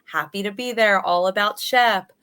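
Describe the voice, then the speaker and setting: A woman's voice: medium pitch, normal speed, a bit bright, clear, resonant tone. Chatty woman podcast host. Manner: chatty, frequent "like" fillers. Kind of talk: casual chat.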